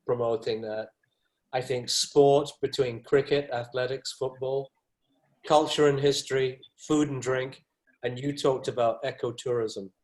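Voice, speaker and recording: A man speaking as a panelist on a webinar over a video call, reflective and halting. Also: mid-range voice, a little mellow, poor audio.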